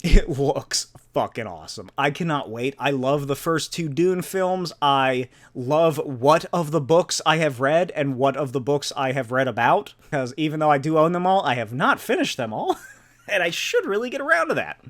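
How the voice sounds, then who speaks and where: A man's voice: a little high, expressive, moderate pace, fairly bright tone. A man hosting a solo podcast, rambling casually, swearing and laughing often. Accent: non-native or regional accent. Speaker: podcast host.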